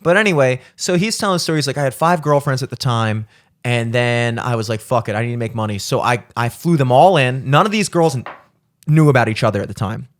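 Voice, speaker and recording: A man's voice: medium pitch, expressive, quick pace. A young man hosting a podcast, rambling in casual chat with many filler words and frequent swearing. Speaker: podcast host.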